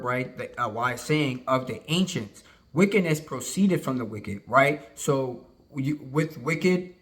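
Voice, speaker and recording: Man, informal Bible teacher, slow verse reading, conversational explaining. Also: mid-range voice, a bit bright. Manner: reads King James verses slowly, then explains in casual talk with frequent "right?". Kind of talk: informal scripture study.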